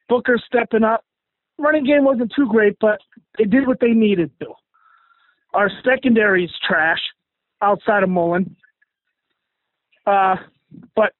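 A man's voice: high voice, dry recording. A man calling in to a sports show, fired up and slangy, rambling through his thoughts. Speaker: caller. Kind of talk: excited call-in sports fan talk. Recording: tinny phone line.

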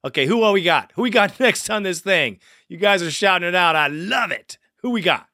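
Bright-voiced profane call-in host. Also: male voice, high voice, animated, fairly quick, no room sound, studio quality. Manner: profane, hyped, calls everyone partner. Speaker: podcast host. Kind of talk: fan call-in show banter.

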